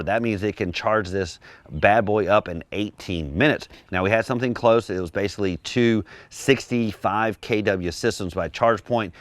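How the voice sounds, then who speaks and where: A man with a deep, low voice walks through a car review in a relaxed, descriptive, conversational way. The sound is dry and close, with no room around it. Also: no room sound.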